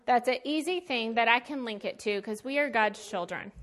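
A woman's voice: a little high, normal speed, few pauses, a bit bright. A woman teaching a Bible lesson in a casual sermon style, conversational and emphatic with plain slangy asides.

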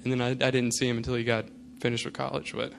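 A man's voice: medium pitch, level tone, fast, gravelly, slight background noise. Casual, storytelling male pastor. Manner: casual storytelling, many fillers. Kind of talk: sermon with personal anecdote.

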